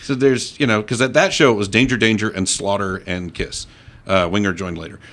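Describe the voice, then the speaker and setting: Fast-talking bright-voiced man storytelling. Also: on the low side. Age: middle-aged. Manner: animated storyteller, acts out quoted voices. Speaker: radio host as podcast guest. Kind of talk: casual storytelling interview.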